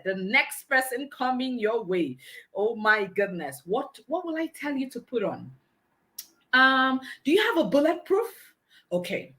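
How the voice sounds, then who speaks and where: A woman hosts a live conference with exuberant energy, exclaiming and laughing often. Her voice is high and bright, and she takes her time between her words. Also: big pitch swings, a little slow. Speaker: conference host. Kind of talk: energetic live event hosting.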